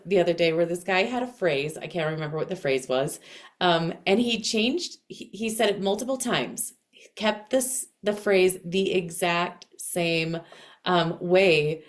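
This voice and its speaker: A woman teaching casually to camera in a dense, heavy voice, speaking expressively with clear inflection. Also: on the low side. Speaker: astrology and voice coach.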